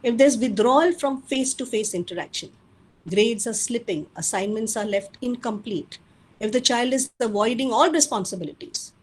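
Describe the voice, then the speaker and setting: A woman's voice: on the high side, normal speed, slightly rough, rough recording. A woman giving an earnest webinar lecture with advice for parents. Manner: earnest, advising, addresses parents directly. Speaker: parenting speaker.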